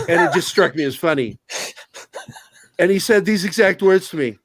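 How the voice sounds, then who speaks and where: Animated, foul-mouthed man telling stories. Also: high voice, moderate pace, long pauses, dry recording. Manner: animated, profane, self-mocking. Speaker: podcast guest. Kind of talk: casual storytelling chat.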